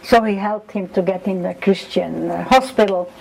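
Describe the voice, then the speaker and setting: Older lady telling old stories, lively, does the voices of the people in them. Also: mid-range voice, normal speed, gravelly, rough recording. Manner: animated storytelling, acts out quoted voices. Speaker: interviewee. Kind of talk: oral history interview.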